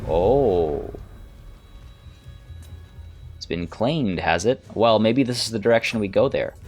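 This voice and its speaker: A man narrating his own strategy game, thinking aloud in a hesitant, musing way. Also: on the low side. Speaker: let's play host. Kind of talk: gameplay commentary.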